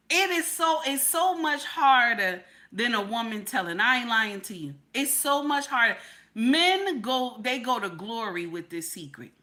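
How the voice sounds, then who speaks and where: High, bright-voiced woman ranting. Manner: emphatic, repeats questions, swears freely. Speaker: livestream reaction host. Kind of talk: heated reaction livestream commentary.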